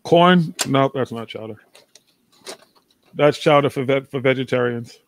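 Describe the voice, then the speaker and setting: A man's voice: mid-range voice, a little slow, background noise. Profane rambling New man. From New England. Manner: rambling, profane, restarts a lot. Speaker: livestream host. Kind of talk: casual chat.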